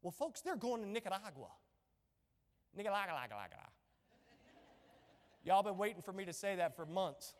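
A middle-aged man preaching an impassioned sermon as pastor, rising to shouts. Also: sits high, expressive, fast, few pauses. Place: church sanctuary. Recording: echoey church hall.

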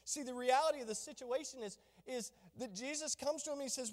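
A man preaching a sermon to a congregation, swinging between loud, ringing proclamations and hushed, low asides. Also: brisk. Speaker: pastor. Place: church sanctuary. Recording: long reverb of a large hall.

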